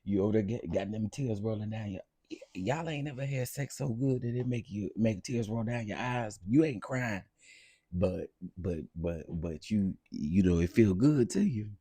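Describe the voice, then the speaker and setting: Sassy, husky-voiced man hosting a gossip stream. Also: fairly low pitch, moderate pace, dry recording. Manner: sassy, expressive, talks straight to viewers. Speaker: live-stream host. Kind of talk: live-stream reality TV gossip commentary.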